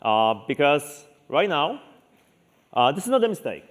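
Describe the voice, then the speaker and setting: A man's voice: on the high side, sing-song, measured pace. A man from Poland opening a conference tech talk and speaking directly to the audience. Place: large conference hall.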